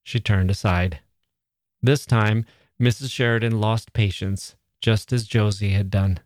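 A man narrating a classic short story in a measured, storytelling way. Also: fairly low pitch, fairly even intonation, a little mellow, no echo, studio quality. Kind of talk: audiobook narration.

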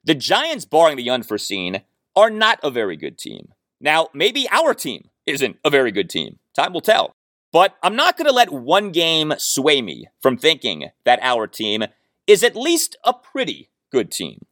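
Male sports podcast host, lively pitch swings, dry booth sound, opinionated stat talk. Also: measured pace, no echo. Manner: opinionated, stat-heavy, emphatic. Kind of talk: solo sports commentary podcast.

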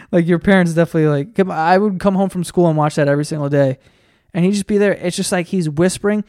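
A podcast host with a fairly high voice delivers a casual comedic rant, rambling, sarcastic and profane as he searches online. The recording is studio quality with no room sound.

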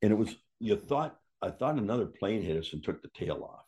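A brisk, lowish voice with a breathy edge belongs to an older man who used to wrestle. He tells a casual story with gusto, acting out dialogue and swearing freely.

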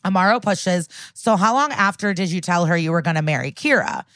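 A woman co-hosting a podcast casually recaps a TV crime episode, acting out the characters' lines in an animated retelling packed with fillers. Her voice is on the low side and a little fast, with no echo.

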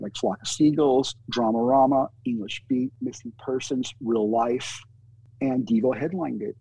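Casting note: husky-voiced male promoter, animated anecdote teller, dry close sound. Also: mid-range voice, no echo, low-quality recording. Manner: animated storyteller, acts out quotes of others. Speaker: concert promoter and booking agent. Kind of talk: casual storytelling in a podcast interview.

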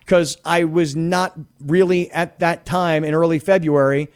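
A middle-aged man hosting a sports talk radio show in a studio, talking in an animated, rambling way and acting out the voices of the people he quotes. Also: a little high, measured pace, clear, resonant tone.

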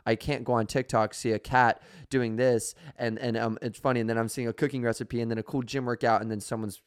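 A man in casual podcast chat, animated and rambling, full of fillers. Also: mid-range voice, brisk, clear, resonant tone. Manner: animated, rambling, filler-heavy, says bro.

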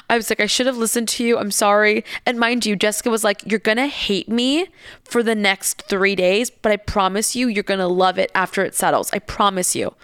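A woman's voice: mid-range voice, brisk, a bit bright, smooth, no echo. A young woman telling a candid story in a casual, chatty way, swearing and laughing as she goes.

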